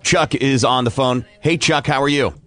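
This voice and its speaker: A man's voice: medium pitch, moderate pace, fairly bright tone, soft background music. A man hosting a morning radio show in casual chat, upbeat and taking listener calls. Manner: upbeat, laughs easily, takes calls.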